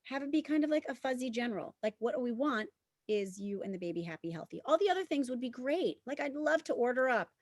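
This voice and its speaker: Woman doctor, obstetrician, earnest, insistent, quick pace, dry recording. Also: high voice, lively intonation, darkish tone, no echo. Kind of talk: casual chat, explaining.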